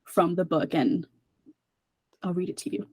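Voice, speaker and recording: A woman's voice: lowish voice, measured pace, darkish tone, no echo. A woman guesting on a book club podcast, bubbly and hesitant, with many fillers. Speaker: guest co-host. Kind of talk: casual book club chat.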